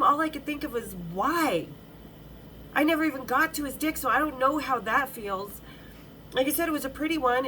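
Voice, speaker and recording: A woman's voice: high-pitched, bright, forceful tone, a little hiss or hum, rough recording. A middle-aged woman hosting a podcast, telling a story in a frank, bawdy, chatty way with many restarts. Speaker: podcast host.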